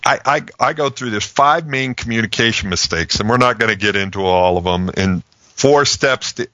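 A man explaining relationship communication in a casual talk, animated and acting out example phrasings. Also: on the low side, normal speed, no echo. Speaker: relationship communication expert guest.

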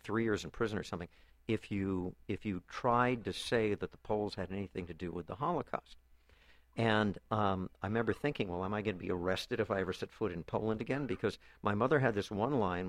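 Halting low-voiced man telling a story. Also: dry recording. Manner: halting, many repeated words and restarts. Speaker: author and guest. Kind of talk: conversational storytelling interview.

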